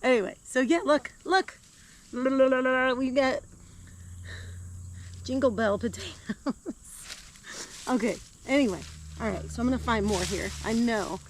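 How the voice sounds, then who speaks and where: Female gardening vlogger, slightly high voice, chatty and giggly, recorded outdoors with steady background noise. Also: measured pace, long pauses. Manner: chatty and easily delighted, laughs often. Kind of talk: casual chat while working.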